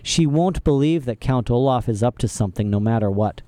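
A man's voice: mid-range voice, expressive, a little fast, dark tone, dry recording, natural voice. A man voicing a bookish, determined boy who talks firmly and matter-of-factly. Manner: firm, matter-of-fact.

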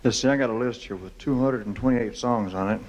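A man from the American South talks to a live concert crowd in loose, self-mocking stage banter. His voice sits at a middle pitch, and he stumbles through fillers and restarts as he spins his stories. A faint layer of noise runs under the recording. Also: brisk, darkish tone, highs cut off. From Memphis, southern United States. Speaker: singer performing live on stage. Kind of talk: joking stage banter between songs.

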